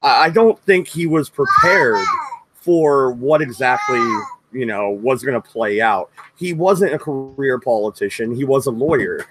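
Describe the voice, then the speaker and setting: A young adult co-host talks bluntly and swears freely while debating and reading chat questions aloud. The voice sits at a middle pitch. Faint noise runs underneath. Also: lively intonation, unhurried. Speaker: co-host of a history stream.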